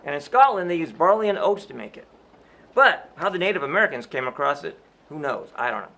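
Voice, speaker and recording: A man's voice: a little high, big pitch swings, fast talker, bright, forceful tone. Chatty man explaining a recipe. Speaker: show host playing a sheriff. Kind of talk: casual cooking demonstration.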